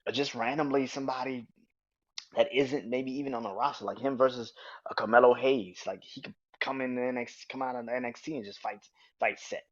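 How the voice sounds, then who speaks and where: A man hosting his own podcast, giving a casual, animated review that is full of swearing, with bursts of acted-out quotes. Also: medium pitch, brisk, no room sound, lo-fi sound. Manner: animated, swears freely, acts out quotes in raised voices. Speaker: podcast host. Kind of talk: casual solo wrestling review.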